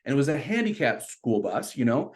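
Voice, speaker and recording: A middle-aged man telling a story in casual conversation, animated and jumping up into high voices when he quotes people. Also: brisk. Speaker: podcast guest.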